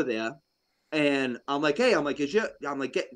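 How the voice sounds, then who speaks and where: Man, from Rhode Island, slightly high voice, casual storytelling, animated, acts out quotes. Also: moderate pace. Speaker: podcast guest, deer hunter.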